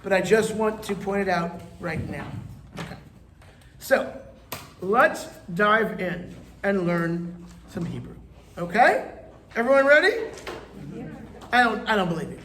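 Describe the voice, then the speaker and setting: A man's voice: high voice, sing-song, measured pace, long pauses, bright, forceful tone. A man, a rabbi, teaching a live classroom lesson in a chatty, playful way and coaxing his students to answer. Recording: echoey room with faint ambient noise.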